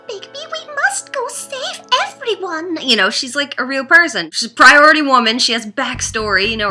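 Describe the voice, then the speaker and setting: Chatty young woman with a bright voice. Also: on the low side. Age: young adult. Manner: chatty, heavy on fillers, blunt and swearing. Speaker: game reviewer. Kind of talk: casual game review chat.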